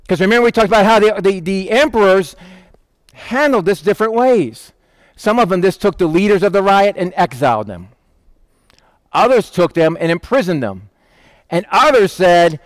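A man preaching a sermon, telling a Bible story and acting out the quoted voices in a lively, casual way. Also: high voice, normal speed, dry recording. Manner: animated, acts out quoted voices. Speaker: pastor.

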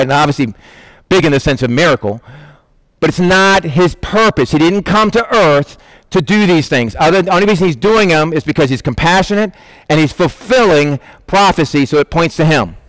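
A man delivers a sermon in a casual, animated style, acting out the people in the story. His voice sits high for a man. The sound is dry, with almost no room echo. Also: fairly quick. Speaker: pastor. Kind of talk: conversational sermon.

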